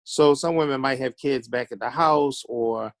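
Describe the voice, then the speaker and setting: A man's voice: medium pitch, normal speed, no room sound. A man from Baltimore, a podcast guest telling blunt, profane stories in casual chat and acting out the quotes.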